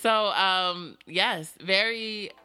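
A woman's voice: medium pitch, very slow. A woman co-hosting a casual podcast, chiming in, echoing her partner and laughing along. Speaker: podcast co-host. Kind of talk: casual chat.

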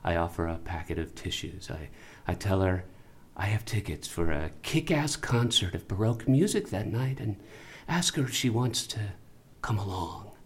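A man's voice: lowish voice, animated, moderate pace. An actor playing a vain, self-absorbed male marketing executive in an audio drama, pushy and prone to stammering. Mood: scheming. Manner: pushy and self-assured, stammers when flustered. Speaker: client faking his death.

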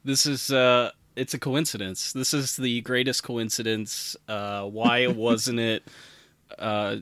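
A relaxed male podcast host tells a story in a casual, halting way and chuckles between thoughts. His pitch sits in the middle range. The mic is close and dry. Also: smooth, no room sound.

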